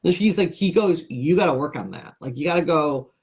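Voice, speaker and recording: Chatty woman telling lively stories. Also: sits low, fairly quick. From Syracuse, New York. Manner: lively storyteller, acts out quoted voices. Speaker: guest comedian and TV host. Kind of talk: casual interview chat.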